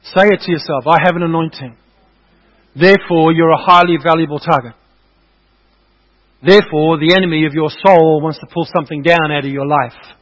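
High-voiced man preaching emphatically. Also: fairly even intonation, brisk, pauses often, low-quality recording. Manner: emphatic, repetitive exhortation to the congregation. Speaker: pastor. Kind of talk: sermon.

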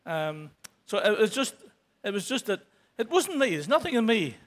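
A man's voice: high-pitched, very animated. Earnest sixties man with a raised voice. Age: 60s. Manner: halting, many restarts and fillers; earnest, grows emotional toward the end. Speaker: church member giving testimony. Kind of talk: unscripted testimony. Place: church.

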